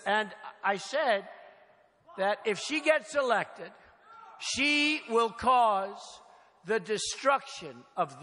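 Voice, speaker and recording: Speaking at a rally in a large, crowded hall, an older political candidate addresses the audience through a podium microphone. He uses short, punchy, emphatic phrases and repeats himself, his voice high, bright, and forceful, while long hall reverb and faint noise color the recording.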